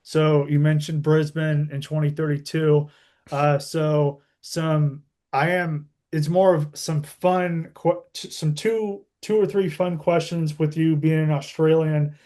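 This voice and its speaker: Slow, halting podcast host. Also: male voice, a little high, fairly even intonation, mellow. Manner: halting, restarts questions. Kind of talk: interview questions.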